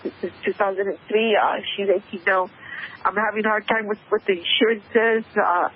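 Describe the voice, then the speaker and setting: A woman calling into a radio talk show, emotional and tearful, speaking haltingly over a muffled phone line. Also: mid-range voice, fairly even intonation, a little hiss or hum. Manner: halting, hesitant speech. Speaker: caller. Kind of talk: call-in radio conversation.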